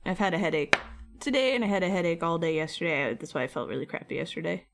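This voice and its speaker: A woman's voice: on the low side, quick pace, gravelly, soft background music. A woman chatting loosely and rambling between topics while she crafts on a live stream. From United States. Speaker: art streamer.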